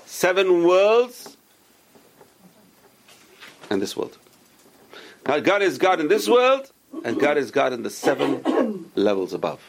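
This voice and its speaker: Gravelly-voiced man teaching a Torah class. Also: mid-range voice. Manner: explanatory, repeats points, asks and answers his own questions. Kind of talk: casual Torah lesson.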